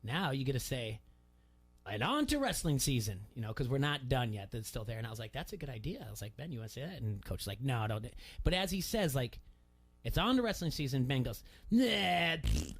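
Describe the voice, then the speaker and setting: A middle-aged man hosting a casual sports radio talk show, telling a story and getting animated when he quotes people. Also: medium pitch, brisk, breathy edge, faint music behind. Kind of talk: casual chat.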